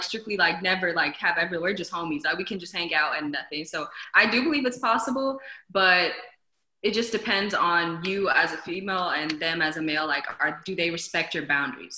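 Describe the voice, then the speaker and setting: A woman's voice: lowish voice, pushed and bright, reverberant, low-quality recording. A woman talking casually in a group discussion, easygoing and thoughtful with many fillers.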